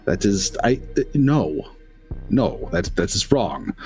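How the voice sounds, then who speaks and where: A flustered female vampire stammers and catches herself mid-sentence, voiced by a man. The voice is lowish. Faint music runs underneath. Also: big pitch swings, takes it slowly, darkish tone. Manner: stammering, self-correcting.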